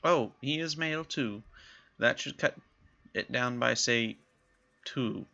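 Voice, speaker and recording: A man's voice: high voice, sing-song, fairly quick, husky, no room sound, lo-fi sound, pitched above the performer's own voice, heavily acted. A man putting on a wry lilting woman trader. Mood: teasing. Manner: teasing, wry. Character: dry-witted woman merchant with a lilting cadence.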